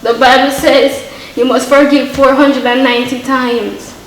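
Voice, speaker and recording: A woman plays a young Jamaican daughter, high-voiced and slow, pleading through tears. The room is echoey with faint music underneath. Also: little pitch movement. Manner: pleading, tearful. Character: young woman begging her mother for forgiveness.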